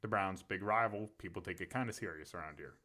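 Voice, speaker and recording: A man's voice: low-pitched, quick pace, sharp tone. A man co-hosting a podcast, telling a story in a casual, profane way and laughing often. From Pennsylvania. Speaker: podcast co-host.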